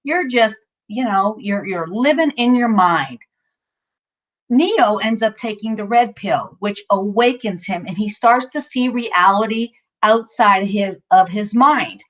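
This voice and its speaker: A mindfulness instructor with a medium-pitched voice leads a session a little slowly. She's casual, upbeat and chatty, interrupting herself with many fillers and restarts, and at times sounds out of breath.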